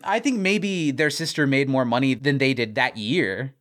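A man's voice: medium pitch, moderate pace, fairly bright tone. A man co-hosting a podcast, recapping a TV episode in casual chat, laughing often and acting out quoted lines.

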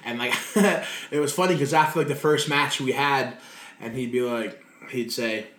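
Man, mid pitch, animated storyteller, swears a lot, laughs often, echoey room. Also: normal speed. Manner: animated, swears freely, laughs through stories. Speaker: guest wrestler. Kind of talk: casual interview storytelling. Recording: roomy echo.

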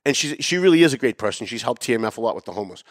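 A man hosting a political commentary show, talking sarcastically and emphatically. He swings between raised, pointed emphasis and low asides. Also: expressive, rapid-fire, dry recording, studio quality. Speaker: show host. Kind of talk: opinionated political commentary monologue.

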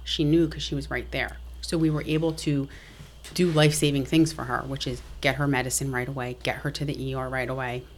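A woman's voice: sits low, a little hiss or hum. A middle-aged woman telling a family story frankly and matter-of-factly as a podcast guest. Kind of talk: casual interview talk.

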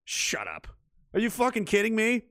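Male streamer, slightly high voice, dry close sound, mocking and profane news rant. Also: wildly swooping pitch, moderate pace, fairly bright tone, no room sound. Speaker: political commentary streamer. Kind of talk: ranting commentary on news.

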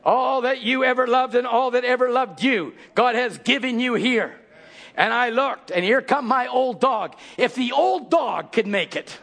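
A man preaching a fiery sermon, calling out to his congregation and often rising into shouted exhortation. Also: very high voice, animated, unhurried, vocal fry, some chatter behind.

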